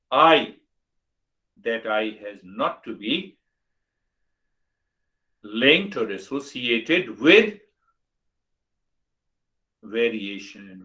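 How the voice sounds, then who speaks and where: A man's voice: medium pitch, fairly bright tone, poor audio. A man in his sixties with an Indian English accent, giving a spiritual talk as a teacher, repeating rhetorical questions with emphasis. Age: 60s.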